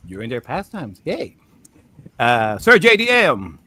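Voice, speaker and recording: A man hosting a casual gaming livestream over a remote call. His pitch sits in an ordinary middle range, and he talks in a relaxed way, full of "uh"s and little laughs. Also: a little slow. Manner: relaxed, filler-heavy introductions with small laughs. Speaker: podcast host.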